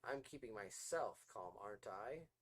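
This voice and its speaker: A hot-headed young werewolf snaps out short, curt lines, as a man reads him. The voice stays low and close to the reader's own. Storybook teen, always ready to bite back. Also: animated, measured pace, fairly bright tone, slightly rough, heavily acted. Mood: tense. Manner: curt, snapping. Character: angry teenage werewolf boy, quick-tempered.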